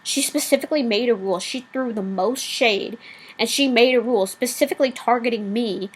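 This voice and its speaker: A woman's voice: fairly high pitch, a little fast, breathy edge, poor audio. A woman vlogger delivering a blunt, profanity-laced rant, rambling with asides and fillers.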